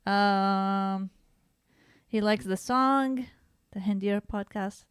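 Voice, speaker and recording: Chatty woman with a smooth, dry voice. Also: mid-range voice, drawn-out words, no room sound. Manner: chatty, laughing, frequent restarts. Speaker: podcast co-host. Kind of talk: casual chat.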